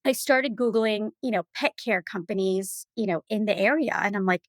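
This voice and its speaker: A woman guest telling stories in a casual interview, chatty and animated, full of "you know" and "like.". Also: medium pitch, normal speed, dry recording. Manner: animated, acts out other people's lines. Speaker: podcast guest.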